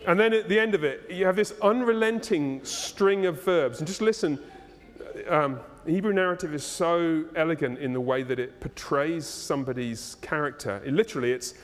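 A man preaching a sermon as pastor, animated and playful as he tells the story. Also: a little high, moderate pace. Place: church hall, live congregation. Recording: long reverb of a church hall.

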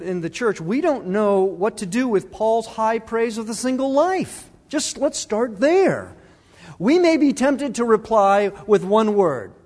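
A man's voice: high-pitched, darkish tone, in a large hall. A middle-aged man preaching a sermon, earnest and conversational, restarting his phrases as he talks. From Arizona. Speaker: pastor.

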